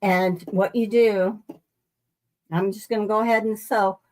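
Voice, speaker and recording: At a medium pitch and a slightly slow pace, her steady, somewhat mellow voice guides a casual live quilting demonstration from her sewing room. She greets viewers by name, rambling and starting her sentences over.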